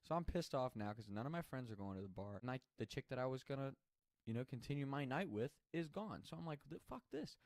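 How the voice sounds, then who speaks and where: A man's voice: medium pitch, expressive, fast talker, a little mellow, no room sound. A man telling a personal story in a casual, chatty way, swearing freely and laughing as he goes.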